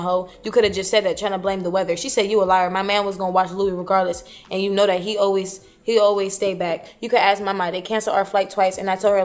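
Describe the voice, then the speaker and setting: A woman streaming, bluntly retelling an argument and acting out both sides in casual, profane talk. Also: medium pitch. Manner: blunt, profane, animated when quoting. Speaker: streamer recounting a dispute. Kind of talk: casual retelling with quoted dialogue.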